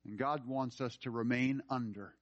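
A man's voice: mid-range voice, steady tone, normal speed, no room sound. A male pastor preaching a sermon, telling a story and then pressing his point with earnest urgency. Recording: dry, slightly dull sound.

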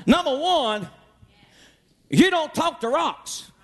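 A male pastor with a very high voice delivers a sermon at an unhurried pace. He is emphatic, often breaks into shouts, and calls out to the congregation. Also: animated.

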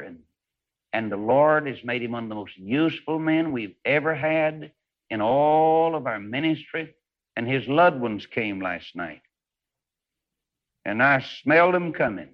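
A man preaching a fervent sermon, swinging between loud rising highs and hushed low passages. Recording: dull lo-fi old recording.

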